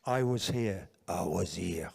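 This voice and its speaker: An older man doing a low, breathy, half-whispered impression of a French friend with a put-on French accent, speaking slowly with long pauses. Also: full character voice. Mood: musing. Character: older French-sounding male friend, philosophical, weary.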